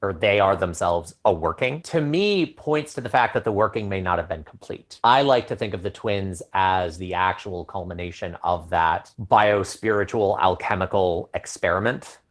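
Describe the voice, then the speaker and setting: A man's voice: deep voice, moderate pace, hardly any pauses. A man co-hosting a casual podcast review, talking in a thoughtful, analytical way. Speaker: podcast co-host.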